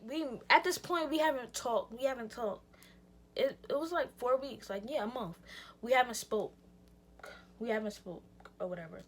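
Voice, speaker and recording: A young woman vlogger telling a rambling, slangy story in a casual chat with lots of "like" and restarts. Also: a little high. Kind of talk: casual storytime while getting ready.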